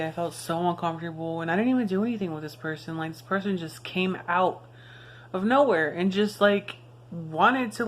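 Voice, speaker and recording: A woman's voice: fairly low pitch, slight background noise. A young woman frankly telling a personal story to camera in a casual way, swearing freely and filling her talk with "like" and "you know.". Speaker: vlogger.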